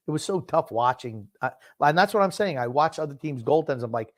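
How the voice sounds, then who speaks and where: Gruff older man grumbling about sports. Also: on the high side, expressive, fairly quick, hardly any pauses, dry recording, clean studio sound. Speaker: podcast co-host. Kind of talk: casual sports chat.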